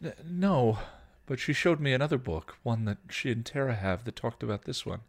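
A man's voice: medium pitch, moderate pace, creaky. A man reading a story aloud, voicing a tearful teenage girl who pleads and stammers. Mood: tearful pleading.

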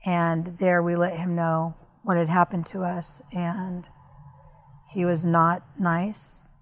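Woman guest, slightly low voice, earnest storyteller for a podcast interview. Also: little pitch movement, slow. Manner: candid, earnest, recounting events at length. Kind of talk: personal storytelling in conversation.

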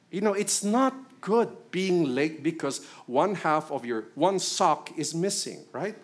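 A man's voice: fairly high pitch, lively intonation, a little slow, hardly any pauses. A middle-aged man with a Filipino accent, preaching a sermon in a conversational way and putting questions to his congregation. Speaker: pastor.

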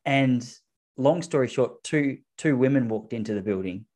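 This Australian man in his thirties talks at a moderate pace with a medium-pitched voice while co-hosting a podcast. His casual chat turns into lively anecdotes where he imitates the people involved.

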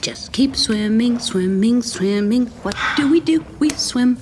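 A woman voicing a cheerful, forgetful female fish in an animated film, sing-song and playful. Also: a little high, measured pace, background noise.

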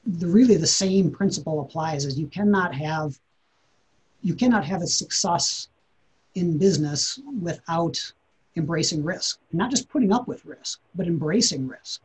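A man's voice: fairly high pitch, moderate pace, darkish tone, slightly rough, rough recording. A man, a podcast guest, telling a personal story in an earnest, reflective way, often repeating words as he thinks.

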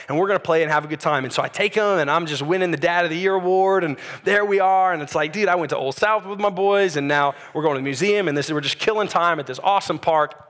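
A man, preaching a sermon as a pastor and telling a story in a conversational, animated way. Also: sits high.

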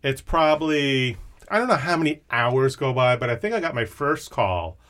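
A man hosting a podcast, telling a story about an old friend in animated, casual chat, swearing and restarting often. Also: mid-range voice, moderate pace. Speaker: podcast host.

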